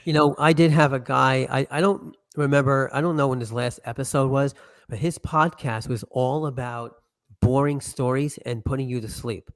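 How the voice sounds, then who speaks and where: A man with a mid-pitched voice recorded dry and close. He tells light, joking anecdotes in a casual podcast conversation. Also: fairly even intonation, moderate pace, no echo.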